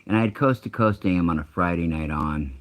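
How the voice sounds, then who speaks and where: A middle-aged man with an extremely low, rumbling voice tells a long personal story in a loose, conversational way. He swears freely, doubles back on himself and restarts his sentences as he goes. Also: brisk. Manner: rambling, profane, self-interrupting. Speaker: channel host. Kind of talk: casual storytelling.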